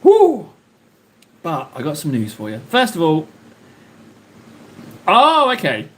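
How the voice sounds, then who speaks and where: Slow-paced and a little high, his fairly bright voice swings hugely in pitch. He's a man streaming live from his hobby desk at home, chatting and joking in a rambling way directly to his viewers and their chat.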